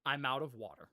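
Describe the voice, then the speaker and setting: A young man talking to his live stream audience in loose, casual chat. His pitch jumps all over the place as he gets animated, and he laughs and swears freely as he rambles on. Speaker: livestreamer.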